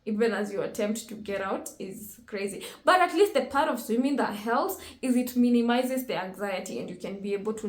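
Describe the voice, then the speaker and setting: A woman hosting a reaction video, talking casually and emotionally, exclaiming often and thinking aloud. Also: on the high side. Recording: roomy echo with faint music.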